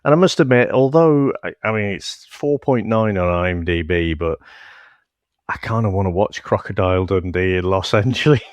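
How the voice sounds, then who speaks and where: A man's voice: deep voice, lively intonation, normal speed, dry recording. A man co-hosting a film podcast in easygoing casual chat, laughing easily. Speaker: podcast co-host.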